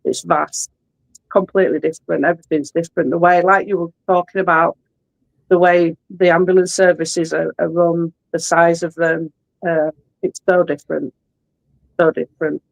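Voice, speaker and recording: A woman's voice: fairly low pitch, little pitch movement, normal speed, vocal fry, dry recording, poor audio. A woman in her forties with a Yorkshire English accent, an ambulance worker chatting as an interview guest, explaining things with frequent restarts. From Yorkshire, England. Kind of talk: casual interview talk.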